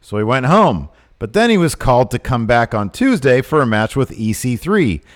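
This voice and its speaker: A man co-hosts a laid-back wrestling podcast, his mid-range voice moving at an ordinary pace. He's animated and keeps getting worked up and exasperated.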